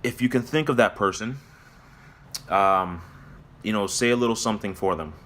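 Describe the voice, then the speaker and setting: A man giving a somber personal vlog update from his workplace, talking in a halting, reflective way with many pauses and restarts. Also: fairly low pitch, a bit bright. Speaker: vlogger. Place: at his workplace near closing time.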